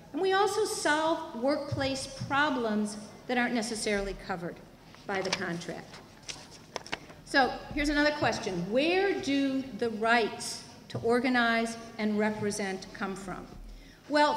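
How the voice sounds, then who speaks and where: A woman lecturing at a teach-in, her voice sitting a little high for a woman. She explains things clearly and with emphasis, asking questions and answering them herself. The sound rings with long reverb from a big hall. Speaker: university labor educator. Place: large hall at a university student union. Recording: echoey hall, faint room noise.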